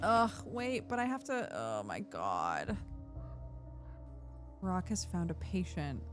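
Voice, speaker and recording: Animated woman streamer reading game dialogue. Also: lowish voice, slow pace, faint music behind. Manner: animated and expressive, swings to loud exasperation. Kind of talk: live gameplay commentary, reading dialogue aloud.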